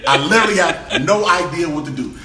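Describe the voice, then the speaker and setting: Guy telling a crazy story on a podcast, swears a lot, high bright voice, echoey room. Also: quick pace. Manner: animated, profane, laughing through the story. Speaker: podcast guest. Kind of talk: storytelling, casual chat.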